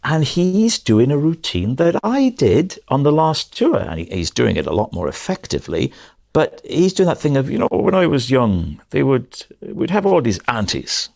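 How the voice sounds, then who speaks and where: A man's voice: medium pitch, very animated, normal speed, vocal fry, darkish tone. A middle-aged male comedian chatting as a podcast guest, telling rambling anecdotes and correcting himself often. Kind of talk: casual podcast chat.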